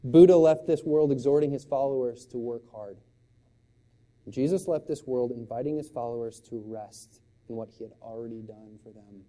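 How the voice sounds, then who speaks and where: A middle-aged man preaching a sermon as pastor, shifting from loud, impassioned exclamations to quiet, hushed storytelling. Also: medium pitch, animated, moderate pace.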